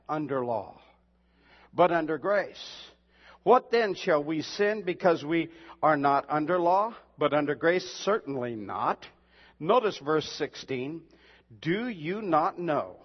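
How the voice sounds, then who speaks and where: A pastor preaching a sermon and reading scripture, emphatic and building to shouts, with slow, drawn-out reading of the verses. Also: male voice, a little high. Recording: dull lo-fi sound in a reverberant hall.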